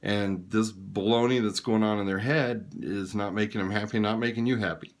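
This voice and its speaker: A man's voice: lowish voice, fairly even intonation, moderate pace. A man giving frank, plain-spoken advice on caring for dying relatives in an informal talk. He sounds tired late at night. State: tired and yawning. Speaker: hospice care advisor.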